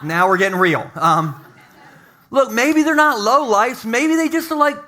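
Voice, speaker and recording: A man's voice: very high voice, expressive, unhurried, sharp tone. A man preaching a humorous sermon as a pastor in a church, talking in a playful, conversational way full of jokes. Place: church sanctuary.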